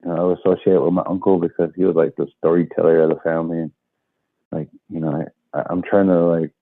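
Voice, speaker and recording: A man with a very low voice chats as a guest in an easygoing, rambling way, leaning on fillers. He comes through a tinny, phone-like call line that sounds dry, with no room echo. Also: level tone, fast. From Leech Lake, Minnesota. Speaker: guest comedian. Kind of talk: casual interview chat.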